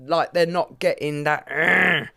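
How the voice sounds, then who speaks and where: A woman's voice: lowish voice, animated, normal speed. A woman comedian chatting as a podcast guest, with frequent restarts. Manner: warm, chatty, restarts often. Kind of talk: casual podcast chat.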